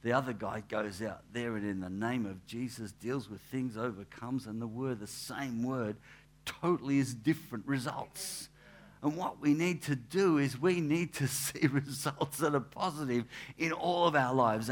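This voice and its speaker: A man, a pastor giving a relaxed, anecdotal sermon in church, with asides and restarts. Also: medium pitch, moderate pace. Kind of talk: conversational sermon.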